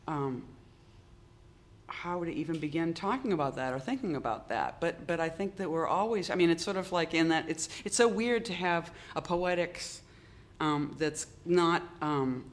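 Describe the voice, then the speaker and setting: An older poet from Boston, talking in a halting way with many restarts and strong emphasis. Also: medium pitch, expressive. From Boston, United States. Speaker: poet, interview guest. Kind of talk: reflective conversation.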